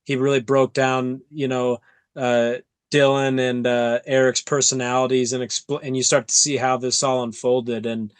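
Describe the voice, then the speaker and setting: A man hosting an interview podcast, telling stories in an animated way and acting out his own quotes. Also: mid-range voice, moderate pace, clear, resonant tone, no room sound. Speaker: podcast host. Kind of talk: casual interview chat.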